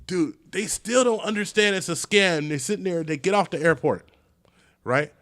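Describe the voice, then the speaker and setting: A man's voice: high-pitched, moderate pace, no room sound, clean studio sound. A man hosting a casual podcast, telling stories with lots of swearing and acted-out quotes. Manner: animated storyteller, swears, acts out quotes. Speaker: podcast host.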